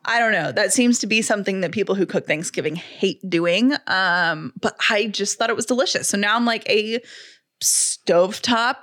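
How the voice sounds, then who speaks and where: A woman in her thirties co-hosts a casual podcast chat. She tells stories in a chatty way and acts out quoted asides in her own voice. Her pitch sits in a middle range. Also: moderate pace, fairly bright tone. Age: 30s. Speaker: podcast co-host.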